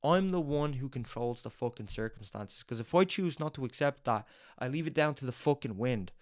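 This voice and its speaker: A young man hosts a motivational talk in an intense, swearing delivery. His voice sits at an everyday mid pitch, and he drives each point home by repeating it over and over. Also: lively intonation, moderate pace. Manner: intense, profane, hammering repetition. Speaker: podcast host. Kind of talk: motivational monologue.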